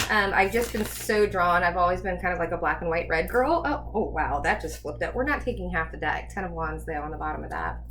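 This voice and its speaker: A woman's voice: fairly low pitch, background noise. A woman giving a casual tarot reading, chatty and rambling as she thinks aloud. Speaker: tarot reader.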